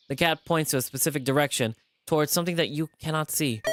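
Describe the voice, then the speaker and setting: A streamer narrating a visual novel aloud in an animated way, jumping in and out of character voices. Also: medium pitch, quick pace. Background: background music.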